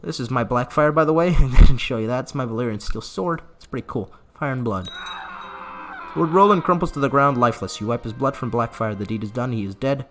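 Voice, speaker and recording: A man's voice: medium pitch, brisk, fairly bright tone, a little hiss or hum. A man giving casual gameplay commentary, laughing often and reading game text aloud with asides. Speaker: gaming YouTuber.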